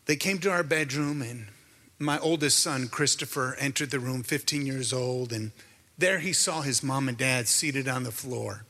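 Brief: male preacher, bright forceful voice, earnest and emotional, reverb-heavy hall. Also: mid-range voice, moderate pace. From Canada. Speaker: minister. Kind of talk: sermon with personal testimony.

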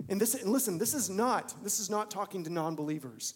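A man preaching a sermon, swinging from loud pleading to a hushed near-whisper and acting out the voices he quotes. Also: high voice, a little fast, few pauses, husky. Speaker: pastor.

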